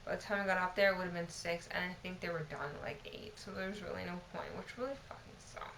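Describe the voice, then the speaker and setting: Gravelly, tipsy young woman ranting. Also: on the low side, fast, fairly bright tone, echoey room, a little hiss or hum, low-quality recording. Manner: profane, exasperated storytelling. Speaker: vlogger. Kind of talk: casual storytime monologue.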